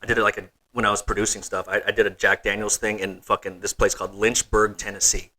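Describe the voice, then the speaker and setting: A man chatting on a podcast in a laid-back, slangy way, throwing in casual filler words. His voice sits low but sounds bright and forceful. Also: level tone, fast talker. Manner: laid-back, slangy, peppers talk with "bro" and "dude".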